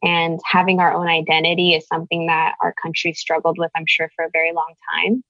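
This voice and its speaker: A woman's voice: low voice, completely flat delivery, a little fast, bright, forceful tone, no room sound, lo-fi sound. A woman raised in the United States, speaking as an interview guest in an earnest, thoughtful way, searching for her words. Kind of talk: reflective conversation.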